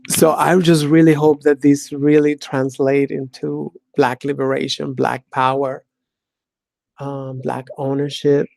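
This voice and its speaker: A woman's voice: a bass voice, level tone, measured pace, gravelly, darkish tone, dry recording. A woman hosting her own talk show, delivering a blunt, sardonic monologue, cursing freely and laughing often. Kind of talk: casual monologue.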